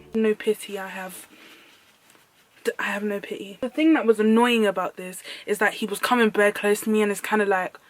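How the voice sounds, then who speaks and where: A young British woman tells a storytime vlog in a medium-pitched voice at a moderate pace. She's animated and slangy, repeating lines for emphasis. The recording is dry.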